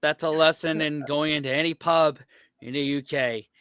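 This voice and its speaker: Bright, clear American man reacting. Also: fairly high pitch, fairly even intonation, normal speed, no room sound, studio quality. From United States. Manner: laid-back, jokey. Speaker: reaction video host. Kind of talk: casual reaction chat.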